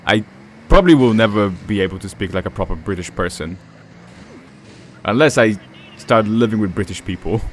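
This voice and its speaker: A man speaking English with an Eastern European accent in a fairly low voice. He rambles through casual gameplay commentary, dropping fillers and easy chuckles as he goes. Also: expressive, moderate pace, slight background noise. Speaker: gaming streamer.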